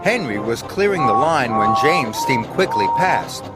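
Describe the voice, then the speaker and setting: A man reading a children's railway story aloud as narrator. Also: medium pitch. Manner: slow, expressive storytelling. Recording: music underneath.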